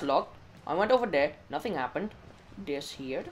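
A man's voice: a little high, expressive, normal speed, poor audio. Jittery young man playing games. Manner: jittery, muttering to himself, frequent mild swearing. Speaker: gaming channel host. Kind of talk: let's play commentary.

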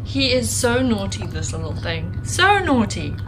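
A woman's voice: medium pitch, very animated, measured pace, noisy background. A woman hosting a casual dog vlog, talking to her dog in sing-song baby talk on a handheld camera. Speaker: vlog host, dog owner.

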